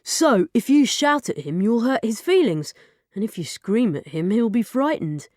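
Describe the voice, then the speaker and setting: A woman's voice: a little high, expressive, a little mellow, dry recording, clean studio sound, pitched above the performer's own voice, lightly acted. Woman doing an eager know-it-all schoolboy. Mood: reassuring. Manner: explains things keenly, quick and earnest.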